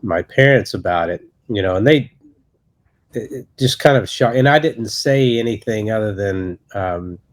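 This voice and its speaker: A man in his thirties, working as an associate pastor, gives his personal testimony on a podcast, halting and heartfelt, frequently restarting his sentences. His voice is fairly low in pitch.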